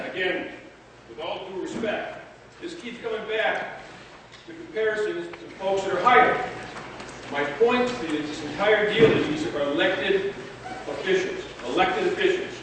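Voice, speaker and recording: Emphatic man speaking in an echoey hall. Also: high-pitched. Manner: emphatic, repeating key points. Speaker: town meeting speaker, former selectman. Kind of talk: impassioned public comment. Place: large hall, town meeting. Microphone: room mic from afar. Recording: echoey distant hall sound with noise.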